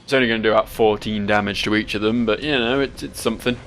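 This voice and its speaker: A man's voice: on the low side, steady tone, fast, fairly bright tone, soft background music. A sleep-deprived man, giving rambling, sweary gameplay commentary full of self-mocking asides. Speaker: let's play host.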